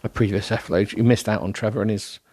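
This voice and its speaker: A man's voice: on the low side, steady tone, quick pace, a little mellow, dry recording. A man hosting a solo podcast, rambling in a self-deprecating way with many ums and restarts, sounding tired. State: tired, yawning. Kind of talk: rambling casual monologue.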